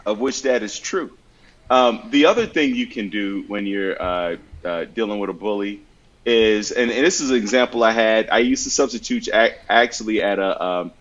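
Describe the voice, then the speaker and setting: A man's voice: mid-range voice, fairly bright tone, dull audio. A man on a podcast giving earnest, conversational advice and telling anecdotes as examples. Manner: earnest, storytelling with acted-out examples. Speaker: podcast guest giving mental health advice.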